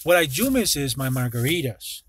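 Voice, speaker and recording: A man's voice: mid-range voice, very animated, moderate pace, fairly bright tone. A man talking casually to his viewers in a vlog, rambling and swearing freely, often restarting his sentences. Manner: rambling and profane, with many restarts. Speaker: vlogger.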